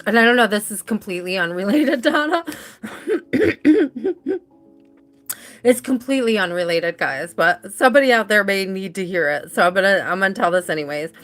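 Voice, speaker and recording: A woman's voice: mid-range voice, lively intonation, normal speed, soft background music. A woman giving a live tarot reading in a chatty, rambling way, laughing easily as she talks. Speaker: tarot reader.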